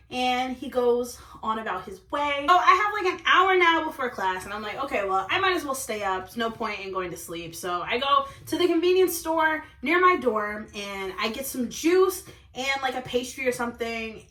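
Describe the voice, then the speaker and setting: A young woman telling a dating story in a storytime vlog, animated and laughing often. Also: sits high, normal speed, reverberant, far from the mic. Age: young adult. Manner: animated, laughs often, says okay and like a lot. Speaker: vlogger.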